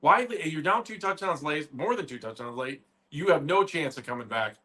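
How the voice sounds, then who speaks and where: A man's voice: on the high side, lively intonation, moderate pace, sharp tone. A man co-hosting a sports radio show, rattling off points about the game and firing questions, with stammered restarts. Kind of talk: casual sports talk.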